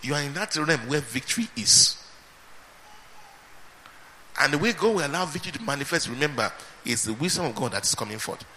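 A man preaching a sermon, emphatic and repeating his phrases, swinging between loud and soft. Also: a little high, animated, fairly quick, pauses often, slight background noise. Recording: reverberant hall with faint ambience.

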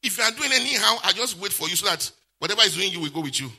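A male pastor, preaching a sermon with lively call-and-response questions. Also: high-pitched, very fast, slightly rough.

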